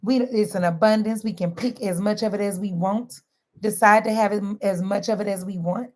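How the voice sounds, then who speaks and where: A woman talking straight to her viewers in a lively, sermon-like way, mixing casual slang and laughter into faith-based wellness advice. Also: medium pitch, moderate pace. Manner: animated, sermon-like, southern-inflected slang with frequent laughs. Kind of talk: lively preachy direct-to-camera talk.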